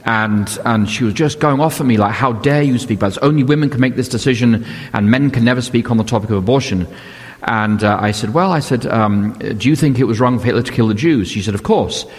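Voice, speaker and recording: An older pastor preaches a sermon conversationally, telling stories and posing rhetorical questions. His mid-range voice moves briskly, with long hall reverb on the recording.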